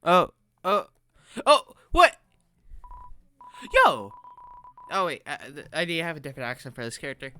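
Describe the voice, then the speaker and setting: A woman's voice: low-pitched, wildly swooping pitch, normal speed, long pauses, bright, forceful tone, a little hiss or hum. A woman gamer giving casual commentary as she plays, chatty and self-mocking, gasping and stammering as she reacts. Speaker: gamer playing on camera.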